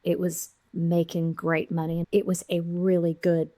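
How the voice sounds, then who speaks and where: A middle-aged woman, a podcast guest, telling her founding story with lively quoted voices. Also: on the low side, a little slow, dry recording, clean studio sound. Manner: animated storyteller, acting out quotes. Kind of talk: storytelling interview.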